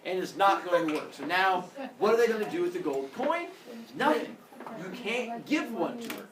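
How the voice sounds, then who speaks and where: A male teacher telling a story to his class in an animated way, acting out characters with sound effects. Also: high voice, moderate pace, noisy background. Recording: echoey classroom from far off.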